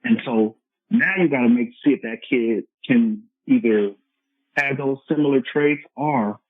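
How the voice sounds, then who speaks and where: Coach guest, man, husky voice, phone-quality line, earnest explainer. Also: mid-range voice, measured pace, dry recording. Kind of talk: conversational podcast interview. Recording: tinny phone-line audio.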